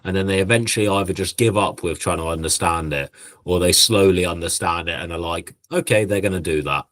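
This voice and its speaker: A man's voice: sits low, brisk, fairly bright tone, no echo. A young man on a podcast, talking bluntly with slang and swearing in casual chat. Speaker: podcast co-host.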